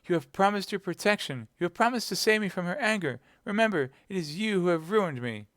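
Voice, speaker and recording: A frightened young chambermaid, put on by a male reader in a lifted, breathy register. She begs and pleads. The voice stays smooth and clear, close to the microphone in a dry space. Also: lively intonation, moderate pace, a bit bright, no room sound. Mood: pleading. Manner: pleading, breathless, high-pitched. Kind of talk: audiobook reading live.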